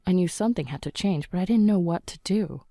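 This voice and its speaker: A woman narrating a scripted first-person story in a calm, even manner. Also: lowish voice, fast, no echo, clean studio sound.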